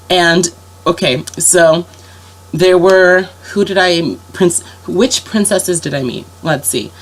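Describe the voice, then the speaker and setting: A woman's voice: fairly low pitch, normal speed, slightly rough. A young woman with a sick voice telling a story in a rambling, casual way, full of fillers and restarts. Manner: rambling, lots of fillers and self-corrections. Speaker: vlogger.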